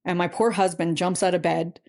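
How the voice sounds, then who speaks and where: A middle-aged woman, a podcast guest telling a personal story in a halting, earnest way full of "you know" fillers. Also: fairly low pitch, little pitch movement, creaky, a little mellow. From Canada.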